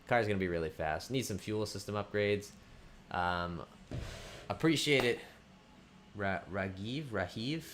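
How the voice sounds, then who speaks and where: A man from the Boston area hosting a casual livestream, relaxed, with many fillers, reading viewer questions aloud and answering them. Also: fairly low pitch, unhurried, pauses often, background noise. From Boston area, United States. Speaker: livestream host.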